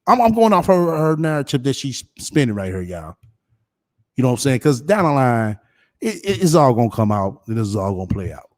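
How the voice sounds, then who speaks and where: A man's voice: medium pitch, sing-song, a little fast, no echo, clean studio sound. A man commenting in an indignant, profane way, often stumbling over repeated words. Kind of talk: casual commentary.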